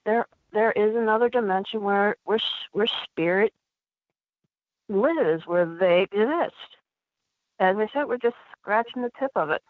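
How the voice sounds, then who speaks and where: A woman calling in as a paranormal investigator guest on a radio show, talking chattily with many halting restarts. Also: mid-range voice, no room sound. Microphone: telephone. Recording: tinny phone line.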